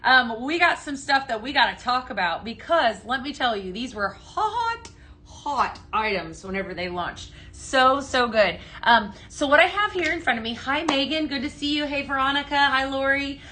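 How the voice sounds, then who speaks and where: A woman's voice: high-pitched, lively intonation, moderate pace, bright, forceful tone. A woman hosting a live-stream product demo, chatty and upbeat, often tagging her sentences with "right?" and greeting viewers by name. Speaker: live-stream sales host.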